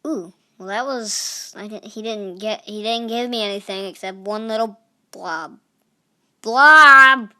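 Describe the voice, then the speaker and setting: A woman's voice: mid-range voice, normal speed. A young woman giving casual, chatty commentary over a phone game, reacting with playful exclamations. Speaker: gaming channel host.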